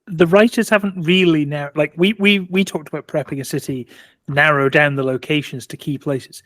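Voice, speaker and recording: A man's voice: on the high side, steady tone, brisk, fairly bright tone, dry recording. A man on a casual tabletop gaming podcast, thinking aloud with restarts and easy laughter. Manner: thoughtful, restarts mid-sentence, laughs easily. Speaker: podcast panelist.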